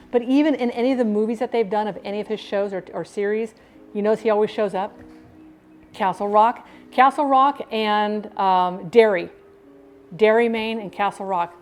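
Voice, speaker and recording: A woman's voice: mid-range voice, steady tone, brisk, darkish tone, soft background music. A woman vlogging in a rambling, talkative casual chat that jumps between thoughts.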